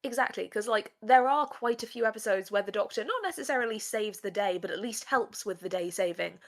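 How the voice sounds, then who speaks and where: A woman's voice: mid-range voice, fairly quick. A woman co-hosting a podcast, chatting animatedly in a casual review of a TV episode. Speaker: podcast co-host. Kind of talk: casual discursive review chat.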